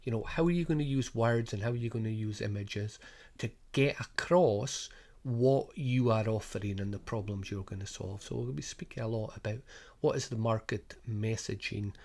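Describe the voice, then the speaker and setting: A middle-aged man with a strong Scottish Highland accent explains a coaching programme casually, with frequent restarts and rhetorical questions. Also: normal speed, a little mellow. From Scotland. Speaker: sports business coach. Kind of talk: informal spoken programme overview.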